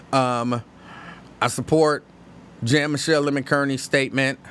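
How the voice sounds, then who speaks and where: A man from hosting a live-stream show, chatting casually and reading viewer comments, opinionated and halting, with many restarts. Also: medium pitch, a bit bright, slight background noise. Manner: conversational, opinionated, halting with frequent restarts and fillers.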